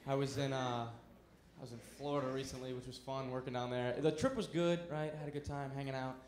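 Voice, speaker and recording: A man's voice: medium pitch, steady tone, brisk, a little mellow. A man doing a stand-up comedy set on a club stage, brash and punchy, with audience laughter behind him. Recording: echoey club with crowd.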